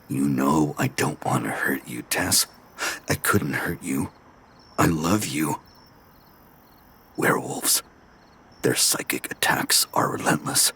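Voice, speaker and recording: An actor playing an obsessive, murderous young man who narrates his own thoughts in an audio drama, in a hushed, menacing and unhinged way. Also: extremely low pitch, slow pace, pauses often, slightly rough, exaggerated voice. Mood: crooning. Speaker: narrating character. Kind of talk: first-person audio drama monologue.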